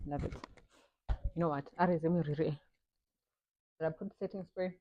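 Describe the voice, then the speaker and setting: With a low-pitched, steady voice at normal speed, a South African mother chats casually during her get-ready-with-me makeup routine. She talks about motherhood in English sprinkled with local-language phrases, and the recording is muffled with no room sound.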